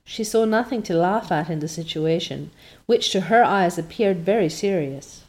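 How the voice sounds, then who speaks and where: A woman with a lowish voice reads an audiobook aloud. Her scripted narration is measured and even, in a steady storytelling style.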